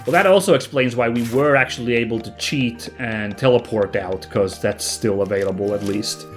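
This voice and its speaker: A man's voice: medium pitch, normal speed, soft background music, poor audio. A man hosting a let's play, musing chattily about the game with plenty of fillers. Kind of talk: casual gameplay commentary.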